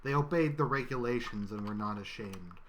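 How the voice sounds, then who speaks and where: A man giving a scripted satirical reading in a solemn, mock-biblical cadence with deadpan asides. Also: mid-range voice, moderate pace, slight background noise. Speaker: satirical reader.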